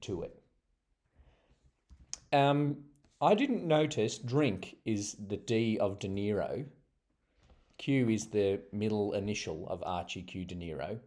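Australian male podcast co-host, low mellow voice, chatty. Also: animated, takes it slowly, pauses often. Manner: chatty, laughs often. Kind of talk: casual chat.

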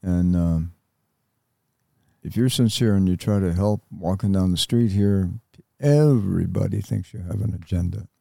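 An older American man, a veteran, talking reflectively in an interview with halting pauses. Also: sits low, gravelly, dark tone, dry recording, clean studio sound. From United States. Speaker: interview guest, Vietnam veteran.

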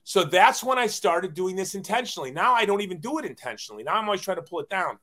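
A man's voice: high voice, sing-song, fast, pushed and bright. A man in his forties, a guest telling his life story in a casual, self-deprecating way, often acting out quoted dialogue.

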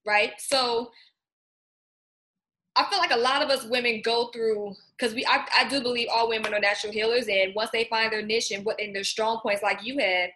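Female host, bright tone, meandering and chatty. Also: fairly high pitch, fairly even intonation, moderate pace. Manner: rambling, searching for words. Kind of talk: casual interview chat.

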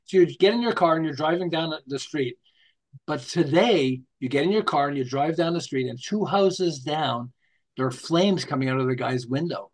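A man's voice: a little high, normal speed. A man, a guest on an interview show, telling stories animatedly, acting out scenes and restarting his sentences as he goes. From United States. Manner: animated, acts out quotes and scenes; rambling with restarts, tells jokes. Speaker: guest, marketing author. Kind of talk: storytelling interview.

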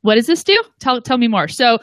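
A woman's voice: on the high side, expressive, fairly quick, fairly bright tone, no echo. A woman talking as a guest host on a live show, chatty and playful. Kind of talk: casual live show chat.

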